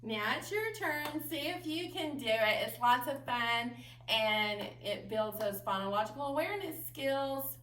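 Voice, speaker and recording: A woman librarian reading a picture book and leading rhymes for young children in a slow, sing-song, expressive way. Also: high-pitched. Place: library room. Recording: echoey room, mic at a distance, faint hum.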